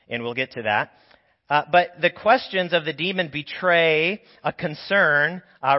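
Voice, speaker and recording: A man preaching a sermon in a church, talking through the passage in a conversational, explanatory way while nursing a sore throat. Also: medium pitch. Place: church sanctuary. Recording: dull lo-fi sound with long church reverb.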